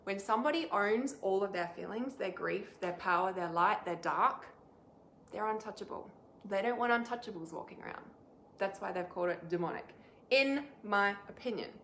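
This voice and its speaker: A woman's voice: mid-range voice, normal speed, fairly bright tone, slight background noise. A woman hosting a casual live stream as an intuitive healer, chatty and reassuring, with lots of fillers and asides. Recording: echoey room.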